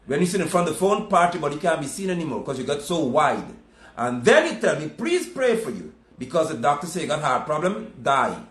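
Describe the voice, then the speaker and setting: A man's voice: fairly high pitch, animated, fast, a bit bright, roomy sound. A man preaching a sermon, emphatic and scolding, repeating his points.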